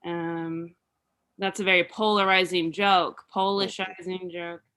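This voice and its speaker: A woman doing a rambling, halting stand-up set full of fillers over a video call. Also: lowish voice, little pitch movement, pushed and bright. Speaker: stand-up comedian.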